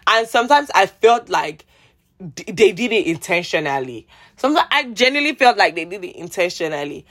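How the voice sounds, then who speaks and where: In a brisk, animated rant vlog, a Nigerian-accented woman vents her exasperation. She jabs sarcastically, pleads again and again, and swings from loud bursts to quiet mutters.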